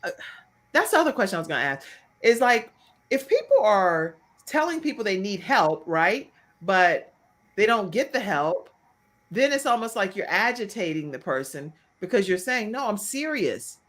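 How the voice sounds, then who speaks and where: A woman's voice: mid-range voice, moderate pace. A woman hosting a talk show, chatting in a casual interview and acting out quoted voices along the way. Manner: animated, acts out quoted voices.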